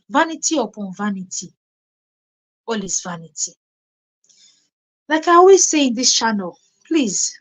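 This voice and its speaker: A woman's voice: a little high, rough recording. A young Nigerian woman hosting her own channel, talking casually on a live stream and breaking into pidgin exclamations and laughter as she tells stories. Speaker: YouTube reaction channel host.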